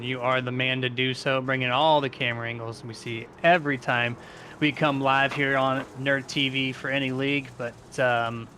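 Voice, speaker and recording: A man commentating a simulated truck race, calling lap times and reading the starting lineup in brisk play-by-play. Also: mid-range voice, sharp tone, a little hiss or hum. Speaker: sim racing commentator.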